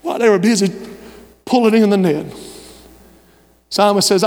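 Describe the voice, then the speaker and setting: A man pastor delivering an impassioned sermon, rising to shouts and dropping to hushed pleas. His voice sits high for a man. Long reverb from a large church sanctuary trails every phrase. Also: normal speed. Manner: impassioned preaching, shifting between shouts and hushed lines.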